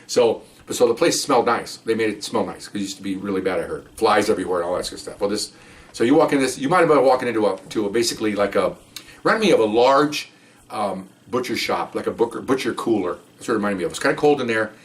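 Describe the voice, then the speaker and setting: A man's voice: on the low side, expressive, quick pace, recorded from a distance. A middle-aged man, a retired police officer, rambling through a story in casual talk and voicing the people in it. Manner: rambling, acts out quotes in a raised voice.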